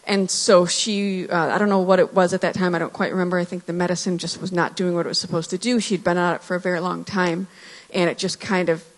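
A woman in her thirties shares a heartfelt church testimony, earnest and reflective, often pausing and restarting. Her voice sits a little low for a woman. A long hall reverb trails each phrase. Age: 30s. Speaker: church speaker sharing testimony.

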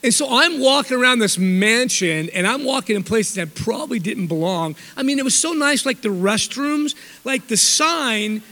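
A man's voice: very high-pitched, animated, moderate pace, hardly any pauses, sharp tone. A man telling a rambling, self-mocking story to a church audience, often correcting himself mid-sentence. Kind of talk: storytelling talk. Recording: long hall reverb.

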